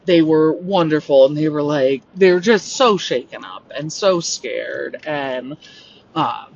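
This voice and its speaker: A woman hosting a podcast, telling a story in a rambling, animated way full of "like". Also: low-pitched, a little slow. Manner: rambling, animated, heavy use of "like". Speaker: podcast host. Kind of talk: casual storytelling monologue. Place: home on a rural homestead. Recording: distant, dull lo-fi mic with faint noise.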